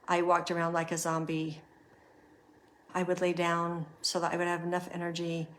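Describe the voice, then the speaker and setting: Guiding her audience through reflection, a middle-aged podcast host speaks earnestly in a lowish voice with a bit of brightness. Along the way, she tells a story from her own life.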